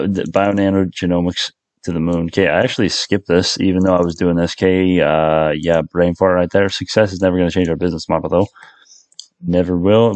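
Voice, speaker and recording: A man's voice: low voice, a little mellow, no echo. A man rambling through a casual stock market commentary, with lots of fillers and self-interruptions.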